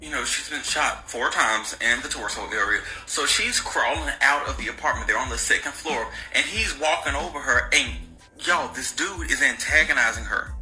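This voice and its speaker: Bright-voiced man telling true crime casually. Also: mid-range voice, moderate pace, soft background music, low-quality recording. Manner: slangy, sarcastic asides, talks straight to viewers.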